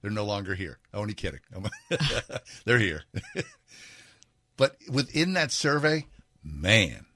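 A man's voice: lowish voice, sing-song, a little slow, sharp tone. A man hosting a radio talk show, telling a rambling, joking story in casual banter. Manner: rambling, self-correcting, joking.

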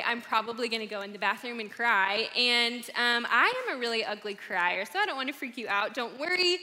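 Female speaker, encouraging and conversational, bright tone, live hall sound. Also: a little high. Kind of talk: live talk to an audience. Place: large room with an audience. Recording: hall reverb.

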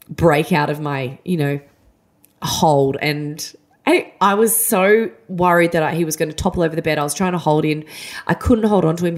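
Woman, low voice, chatty and candid, casual storytelling. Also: a little mellow. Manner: chatty, candid, self-deprecating. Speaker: mum podcaster.

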